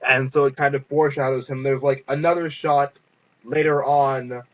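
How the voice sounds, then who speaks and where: Young male vlogger, mid-pitched, rambling and profane, muffled home recording. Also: little pitch movement, moderate pace. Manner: rambling, filler-heavy, profane. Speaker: vlogger reviewing a cartoon. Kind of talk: casual spoken review. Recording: dull lo-fi sound.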